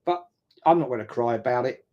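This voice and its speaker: Bloke hosting a footy watch-along, mouthy and combative, swears a lot. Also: male voice, mid-range voice, lively intonation, fairly quick, mellow, dull audio. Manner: blunt, combative, swears freely. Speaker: football watch-along streamer. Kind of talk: casual live-stream chat, reading viewer comments.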